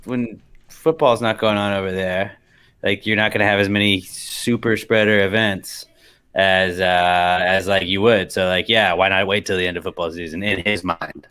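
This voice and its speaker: A man co-hosting a casual football podcast, rambling and relaxed. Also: low-pitched, normal speed, clean tone. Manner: rambling, relaxed, lots of fillers. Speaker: podcast co-host.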